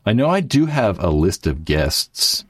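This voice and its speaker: A man's voice: sits low, very animated, unhurried, no room sound, studio quality. A man hosting his YouTube channel, chatting casually to viewers in a rambling way, with lots of fillers and swearing. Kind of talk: casual livestream chat.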